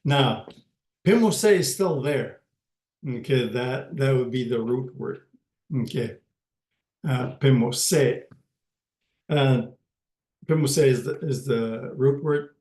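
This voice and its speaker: A man teaching a language lesson in a slow, patient way, repeating each word and checking in with "okay" as he goes. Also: mid-range voice, darkish tone, roomy sound.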